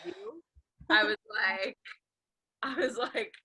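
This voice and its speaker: Bright, lively young woman. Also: a little high, slow, breathy edge. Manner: playful, lively, laughing often. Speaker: guest. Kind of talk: casual chat.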